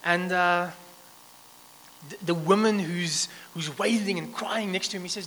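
A man's voice: high-pitched, a little slow. Man preaching in a reverberant hall. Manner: animated storytelling with many restarts. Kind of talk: sermon. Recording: long reverb, faint background noise.

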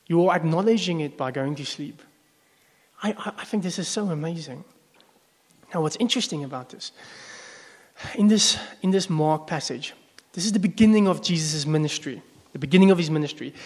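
A male pastor preaching a sermon to a congregation in a conversational way, often asking them questions. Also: on the high side. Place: church service before a congregation. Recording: long echo of a large hall.

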